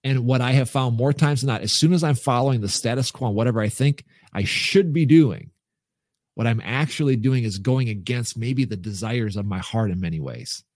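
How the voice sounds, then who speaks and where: A man's voice: mid-range voice, normal speed, darkish tone, no echo, clean studio sound. A middle-aged man, a podcast guest, telling his personal story in an earnest, emphatic way with frequent restarts.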